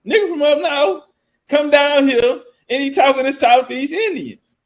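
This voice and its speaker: A man's voice: extremely high pitch, unhurried, poor audio. A man giving casual history commentary, reading source passages aloud and riffing on them in loose, profane street talk.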